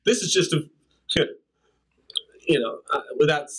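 Older man guest, slightly high voice, rambling storyteller who scats drum rhythms. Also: unhurried, fairly bright tone, breathy edge, rough recording. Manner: rambling anecdotes with scat-sung drum rhythms and laughs. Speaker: interview guest, drummer. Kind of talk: casual storytelling.

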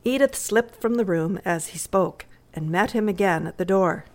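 A woman narrating a classic story in a measured readers' theatre reading. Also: mid-range voice.

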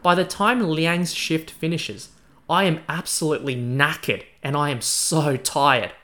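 Bright-voiced man telling a history story. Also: fairly high pitch, fairly even intonation, unhurried. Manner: chatty, casual, uses slang. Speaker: podcast host. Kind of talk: first-person storytelling narration.

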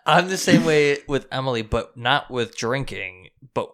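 A young man with a bright, forceful tone co-hosts a relaxed podcast. He agrees easily and swears offhandedly as he tells stories. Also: medium pitch, measured pace. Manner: laid-back, agreeable, swears casually. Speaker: podcast co-host. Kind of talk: casual podcast chat.

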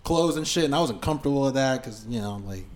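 A man's voice: medium pitch, fast talker. Profane storytelling podcast guy. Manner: profane, animated anecdote-telling with many fillers. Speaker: musician guest on podcast. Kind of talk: casual storytelling chat.

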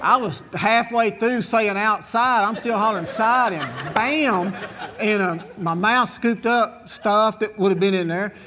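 High-voiced man telling a tale. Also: takes it slowly, background noise. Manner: animated, folksy, rambling with asides. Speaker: storyteller. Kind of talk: comic storytelling to a live audience.

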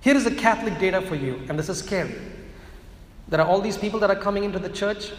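Emphatic preacher in an echoey church. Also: male voice, expressive. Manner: emphatic, slows down and drops low for key phrases. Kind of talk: sermon. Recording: echoey church hall with long reverb.

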